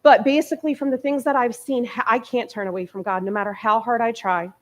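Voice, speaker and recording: A woman's voice: fairly high pitch, steady tone, quick pace. A woman in her early forties giving a candid, emotional personal testimony as a guest speaker in a church. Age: 40s. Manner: candid, conversational, emotional storytelling. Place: church sanctuary.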